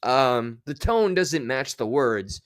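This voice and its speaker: A man's voice: medium pitch, expressive, takes it slowly, dry recording. A man streaming, giving casual, sarcastic and rambling commentary on clips.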